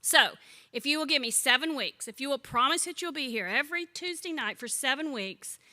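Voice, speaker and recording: Bright-voiced woman in her sixties teaching. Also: high voice, animated, fairly quick. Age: 60s. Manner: chatty, warm-humored storyteller who asks the group questions. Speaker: Bible study teacher. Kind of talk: conversational teaching with humorous stories.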